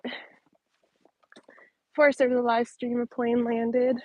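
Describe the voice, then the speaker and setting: A woman's voice: on the high side, little pitch movement, takes it slowly, darkish tone, dry recording, poor audio. A woman hosting a casual live-stream Q&A on her phone while walking her dog along an outdoor trail, a little out of breath, chatty with lots of ums and likes. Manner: chatty, many ums and likes, laughing lightly. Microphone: handheld phone at arm's length.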